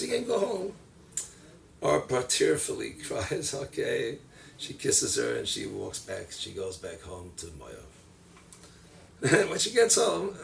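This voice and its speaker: Animated rabbi with a gravelly voice. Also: male voice, a little high. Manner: animated storytelling, acting out quoted voices; mixes Hebrew and Yiddish terms into English. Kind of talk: holiday sermon. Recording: distant mic with faint background noise.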